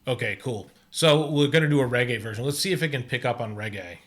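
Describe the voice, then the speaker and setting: Hesitant man talking through a test. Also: medium pitch. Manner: halting, many restarts and fillers. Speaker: host testing an AI music tool. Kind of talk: casual screen-recorded commentary.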